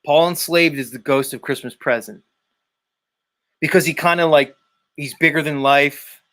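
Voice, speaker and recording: A man's voice: on the high side, normal speed, fairly bright tone. A man hosting a livestream, chatting casually and reading viewer comments, rambling with lots of fillers and swearing. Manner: rambling, profane, thinks aloud with many fillers. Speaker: livestream host.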